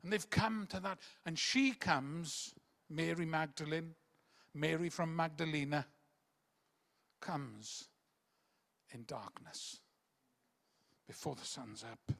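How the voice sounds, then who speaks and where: A man preaching a rambling sermon that swings between loud emphatic bursts and hushed quiet passages. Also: on the high side, takes it slowly, creaky, long pauses. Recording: long reverb of a large hall.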